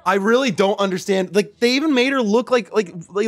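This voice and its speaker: A young man doing casual gameplay commentary, loud and profane and often laughing, on a home microphone that peaks. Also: sits high, fairly quick, few pauses, soft background music. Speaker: gaming streamer.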